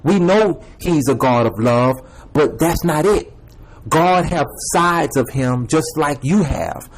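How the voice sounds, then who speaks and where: A man's voice: on the high side, expressive, slow, rough recording. A young man giving a repetitive, emphatic personal testimony, addressing viewers as y'all and man. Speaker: self-made video preacher.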